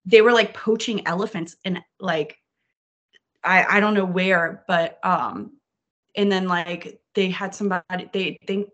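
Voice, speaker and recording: A woman from New Orleans chatting casually on a podcast, animated, swearing freely and acting out her own reactions as she talks. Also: on the low side, measured pace, lo-fi sound.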